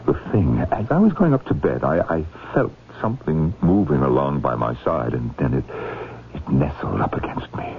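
A stammering, panicky haunted professor. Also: male voice, rumbling low, very animated, normal speed, full character voice. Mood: fearful. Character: frantic, haunted older male professor. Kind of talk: 1970s radio drama acting. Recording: tinny old radio broadcast, faint noise.

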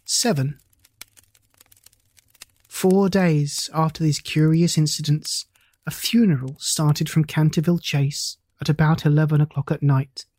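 A reader narrating a classic ghost story in a measured, even storytelling manner. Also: medium pitch, no room sound. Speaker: audiobook narrator.

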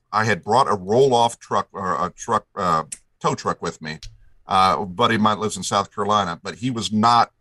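A man's voice: lowish voice, sharp tone, no echo, low-quality recording. A man from Indiana telling a long story in a folksy, rambling way, acting out the dialogue as he goes. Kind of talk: casual storytelling.

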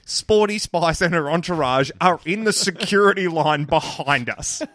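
A man's voice: on the high side, normal speed, no echo, studio quality. Young man telling a story. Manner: animated anecdote teller, builds suspense. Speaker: podcast co-host. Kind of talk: casual chat, storytelling.

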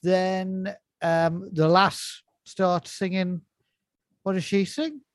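High-voiced man, amused and incredulous. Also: flat delivery, takes it slowly, no room sound. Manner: laughing, incredulous. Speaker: podcast co-host. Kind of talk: casual chat reviewing a film.

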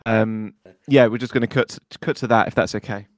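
A man's voice: on the low side, steady tone, a little fast, dry recording, clean studio sound. A man running a comedic tabletop role-play game as its game master, talking hesitantly with lots of fillers. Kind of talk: casual game narration.

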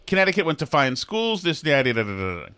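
A man's voice: fairly high pitch, big pitch swings, fast, fairly bright tone, clear, resonant tone. A man co-hosting a podcast in casual comedic chat, sarcastic and incredulous as he riffs. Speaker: podcast co-host.

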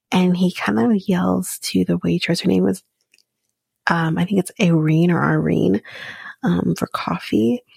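Gravelly-voiced sarcastic woman podcaster. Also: lowish voice, no echo. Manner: blunt, sarcastic, swears freely; drifts into soft whispery asides. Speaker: podcast host recapping a reality show. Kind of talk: casual recap chat.

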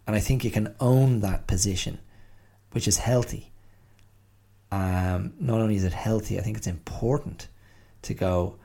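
Low gravelly man musing. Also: moderate pace, warm tone. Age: middle-aged. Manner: thoughtful, hesitant, many restarts and fillers. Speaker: podcast host. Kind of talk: reflective solo monologue.

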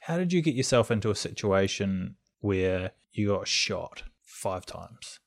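Low-voiced male interviewer, dry sound. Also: expressive, unhurried, gravelly, no room sound. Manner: brief curious follow-up questions. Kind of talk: interview questions.

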